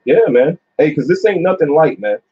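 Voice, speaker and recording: At a normal speed, a group teacher with a fairly high, slightly rough voice and big pitch swings walks a few men through scripture in casual religious discussion. His manner is preachy and full of fillers, especially "uh" and a repeated "man." Dull, lo-fi audio.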